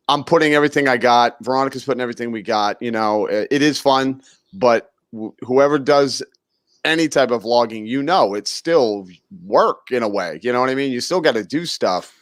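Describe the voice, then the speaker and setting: A man's voice: medium pitch, no room sound, studio quality. A man co-hosting a casual podcast chat, easygoing and rambling, often restarting his sentences. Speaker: co-host.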